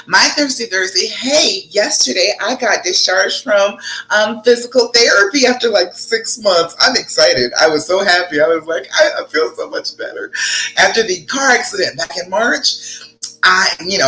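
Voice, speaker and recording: A woman relationship coach chatting live with viewers, greeting them by name and reading out their comments, her voice leaping up high when she gets excited. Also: reverberant, low-quality recording. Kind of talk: live-stream chat answering viewers.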